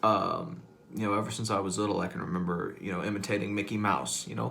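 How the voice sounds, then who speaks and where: A man's voice: low-pitched, steady tone, quick pace, gravelly, a bit bright. A man vlogging casually, rambling with lots of fillers and amused at himself. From Southern US. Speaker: comedic vlogger. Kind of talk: casual talk to camera.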